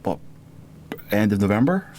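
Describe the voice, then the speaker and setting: A man as a guest on a podcast, telling relaxed self-deprecating stories in casual chat. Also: fairly low pitch, moderate pace, a little hiss or hum. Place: podcast booth.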